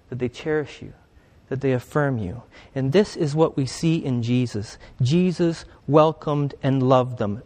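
A man preaches in a relaxed, conversational way and keeps drawing his listeners in with questions. His voice sits a little high for a man. The sound carries a long reverb tail from a large church space. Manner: conversational, asks the congregation questions. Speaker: pastor. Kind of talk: interactive sermon.

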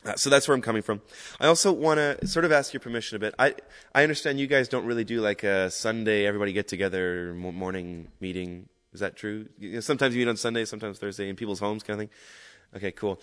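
A man giving an informal guest sermon as a Salvation Army minister, talking casually and rambling at first, then building to loud, fervent emphasis. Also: lowish voice, fast, in a large hall.

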